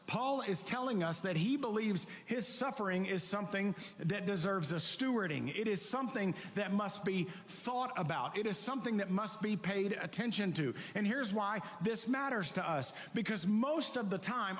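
Passionate high-voiced preacher in a reverberant hall. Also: male voice, fairly bright tone. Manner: passionate, reads scripture aloud. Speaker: pastor. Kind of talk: sermon.

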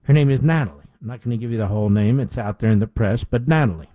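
A man's voice: mid-range voice, fast, dry recording, phone-quality sound. A middle-aged man hosting a political talk show, delivering an indignant opinion monologue with emphatic repetition.

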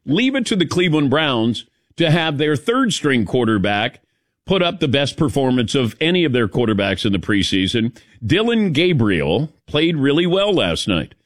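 Lively man hosting sports radio. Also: medium pitch, normal speed, no room sound, studio quality. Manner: lively, jokey, calls on crew by name. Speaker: sports radio show host. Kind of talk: casual morning radio talk. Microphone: studio microphone.

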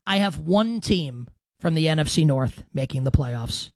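A man's voice: on the high side, lively intonation, a little slow, darkish tone, dry recording. Brash, emphatic male sports radio host. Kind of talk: sports talk monologue.

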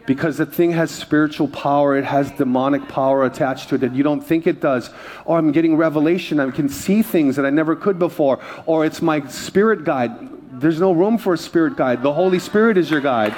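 A male pastor with a high, bright-sounding voice, preaching in an easygoing, conversational way. He slips into low, quiet asides, then builds into loud, excited storytelling. He speaks from a church stage. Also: brisk, a little hiss or hum. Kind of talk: sermon.

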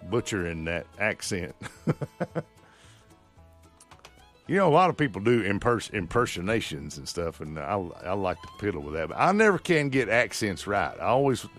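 A man's voice: lowish voice, big pitch swings, fairly quick, few pauses, a bit bright, soft background music. A male local radio host chatting in a folksy, rambling way, full of fillers and restarts. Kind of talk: casual local radio chat. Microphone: studio microphone.

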